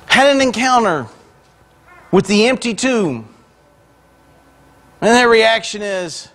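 A man's voice: sits high, expressive, slow, pauses often, fairly bright tone. A man who is a pastor, preaching a sermon in a church. He retells scripture in everyday words and mixes in joking asides. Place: church sanctuary.

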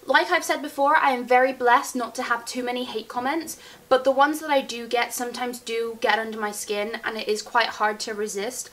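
Chatty young woman, bright pitch. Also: steady tone, brisk. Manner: chatty, giggly, rambling. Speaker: beauty vlogger. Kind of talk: casual Q&A chat.

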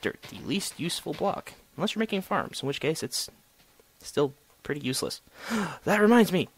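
A man's voice: a little high, big pitch swings, normal speed, vocal fry, fairly bright tone, breathy edge. A young man giving solo gameplay commentary, chatty and sarcastic, talking to the objects he digs at. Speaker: gamer.

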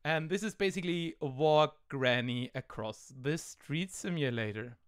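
A man with a German accent hosts casual game commentary over an online call mic, rambling, amused, and full of fillers. His voice is on the high side, clear and resonant, at a measured pace.

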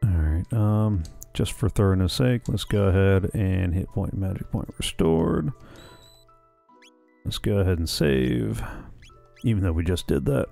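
A man's voice: deep voice, expressive, unhurried, vocal fry, dark tone. A man hosting a let's play, chatting casually and musing aloud as he plays through a game. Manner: chatty, muses aloud, reads game dialogue plainly. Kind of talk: casual gameplay commentary. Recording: faint game music behind.

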